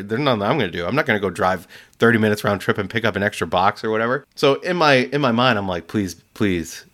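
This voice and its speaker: A man tells a story in casual chat, his voice moving from low mutters to sudden high bursts. He laughs often and plays the people in it with quick voices. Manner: animated, laughs often, acts out voices in quotes. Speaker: storyteller, delivery driver.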